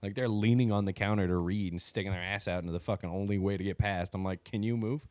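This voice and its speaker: A low-voiced man banters on a podcast, blunt and teasing, dropping casual swears. His voice is deep and recorded close and dry. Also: fairly even intonation, quick pace, a little mellow, dry recording. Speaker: podcast co-host. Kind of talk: casual chat.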